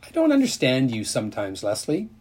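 Guy doing a country boy, husky and drawly, kinda glum. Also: medium pitch, huge pitch swings, a little fast, darkish tone. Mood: plain. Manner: plain, drawling country talk. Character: rural country boy, plain-spoken and glum.

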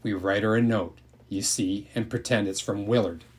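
A man reading aloud and voicing a bright, bossy schoolgirl who loves to scheme, with slow teasing emphasis. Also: fairly low pitch, fairly even intonation, lightly acted. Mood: scheming.

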